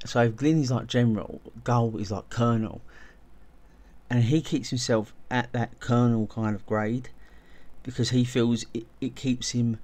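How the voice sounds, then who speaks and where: A man's voice: mid-range voice, steady tone, moderate pace, a little mellow. A man hosting a video essay, talking casually and enthusiastically, often restarting and repeating words as he goes. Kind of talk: casual spoken video commentary.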